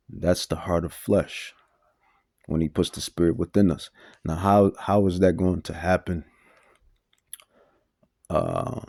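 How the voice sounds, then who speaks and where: A man's voice: deep voice, mellow, no room sound, studio quality. A man preaching a Bible teaching sermon, emphatic and repetitive with stumbling restarts.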